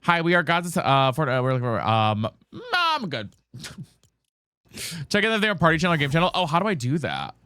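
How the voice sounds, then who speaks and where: A man's voice: a little high, huge pitch swings, fairly quick, pushed and bright, smooth, no echo, clean studio sound. A man streaming a game live, chatting casually with viewers, swearing and repeatedly asking teammates if they have mics. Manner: chatty, swears, calls the audience girl and guys. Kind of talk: casual live-stream chat while gaming.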